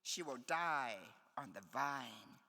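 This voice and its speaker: Bright, lively woman poet reading. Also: rumbling low, takes it slowly. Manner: playful, wry asides between poems. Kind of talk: live poetry reading. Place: conference hall. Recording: long hall reverb.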